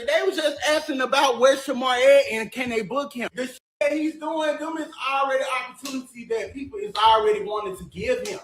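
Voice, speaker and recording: A man ranting angrily and profanely to viewers on a livestream, cursing at commenters and then apologizing, speaking. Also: extremely high pitch. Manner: profane, confrontational, repeatedly apologizing. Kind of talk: heated livestream rant.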